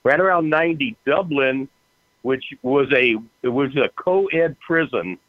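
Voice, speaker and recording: A male guest with a mid-range, expressive voice tells stories casually at a measured pace, laughing and acting out other people's voices. The audio comes through a tinny, dry phone line with no echo.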